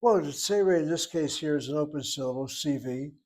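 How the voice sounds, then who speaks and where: A man teaching a relaxed class lesson, explaining grammar step by step and thinking aloud as he goes. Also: a little high, brisk, rough recording. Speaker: Hebrew teacher. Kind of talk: informal recorded class lesson.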